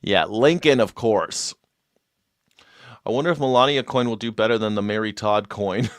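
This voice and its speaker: A man's voice: fairly low pitch, normal speed, no room sound, clean studio sound. A man hosting a live stream, mocking in a sarcastic tone and laughing often.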